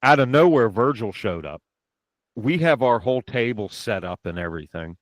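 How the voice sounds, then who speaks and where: A man's voice: mid-range voice, lively intonation, normal speed, no echo. A man hosting a podcast, telling long rambling anecdotes in casual chat, with lots of restarts and asides. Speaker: podcast host.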